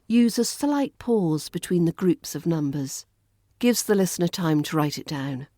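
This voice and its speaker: A woman with a British RP accent teaching pronunciation in a scripted lesson, enunciating clearly and repeating words for practice. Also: fairly low pitch, expressive, measured pace, warm tone, no echo, studio quality. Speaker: accent coach.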